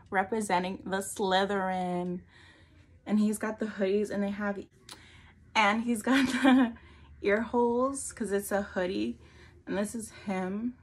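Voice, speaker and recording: Young woman vlogger, mid pitch, chatty and rambling haul talk, slightly breathless. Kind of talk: casual haul vlog.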